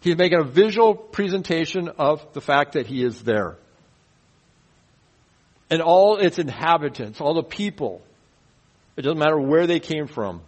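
Bible teacher, male, voice sits a bit high, animated and folksy, asks questions, makes sound effects. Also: unhurried, pauses often, poor audio. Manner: folksy asides and humor.

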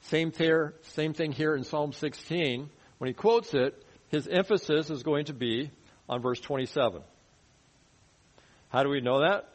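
A man teaching verse by verse through a Bible passage in a conversational sermon, often dropping his voice low to stress a point. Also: unhurried, rough recording. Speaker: pastor. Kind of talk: expository sermon.

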